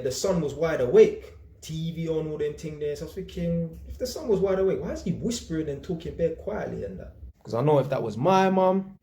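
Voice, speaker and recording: A man's voice: fairly high pitch, echoey room. Young man telling a slangy story. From England. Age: young adult. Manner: slangy, animated, acts out quoted people. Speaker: electrician and storyteller. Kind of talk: casual storytelling.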